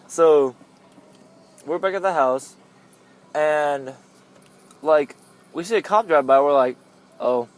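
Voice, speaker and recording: Rambling young man with a higher voice. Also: takes it slowly, long pauses. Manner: rambling, lots of "like", laughs often. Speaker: storyteller. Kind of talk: casual storytelling chat.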